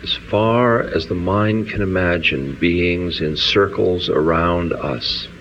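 A man with a very deep voice leads a guided meditation. He speaks in an unhurried, soothing way and stretches his phrases out. The recording is dull and lo-fi, with a faint hiss of ambience behind him. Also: a bit bright. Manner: slow, soothing, drawn-out phrases. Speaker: meditation leader.

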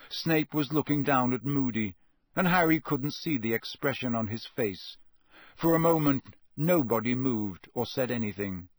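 A man giving scripted audiobook narration in a measured, steady storytelling delivery. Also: medium pitch, no echo.

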